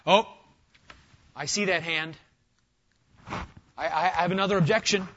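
A man preaching an expository sermon to a congregation, animated and emphatic, firing rhetorical questions and talking straight to his listeners. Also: a little high, normal speed, long pauses, dull audio. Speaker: pastor. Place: church sanctuary with a live congregation.

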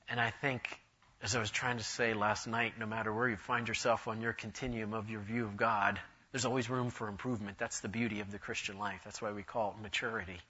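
A man delivering a sermon with a bright, forceful edge and a husky grain to his voice. He tells his story with animation, his voice climbing and swelling as he drives each point home. The recording sounds dull and lo-fi. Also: fairly low pitch, fairly even intonation, brisk. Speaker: preacher.

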